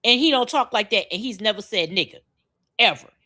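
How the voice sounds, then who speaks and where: A woman's voice: medium pitch, expressive, fairly quick, sharp tone. A woman with a Miami accent, co-hosting a podcast in a blunt, profane, emphatic rant. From Miami, Florida. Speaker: podcast co-host.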